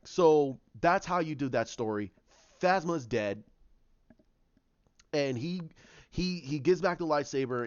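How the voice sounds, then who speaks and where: A YouTuber with a somewhat high male voice gives a casual, rambling retelling, pausing often to search for words. The recording is dry and slightly muffled.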